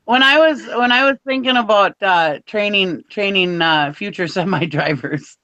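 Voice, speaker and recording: A woman's voice: medium pitch, normal speed, bright, forceful tone. Chatty woman on a dull, lo-fi mic. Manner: rambling anecdotes full of fillers like "like". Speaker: show co-host. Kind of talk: casual chat. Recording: dull, lo-fi sound.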